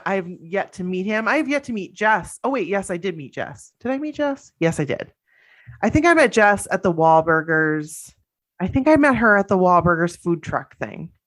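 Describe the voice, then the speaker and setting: A woman's voice: mid-range voice, expressive, normal speed, fairly bright tone. A woman co-hosting a casual podcast, gushing and chatty as she reads out listener stories. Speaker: podcast co-host.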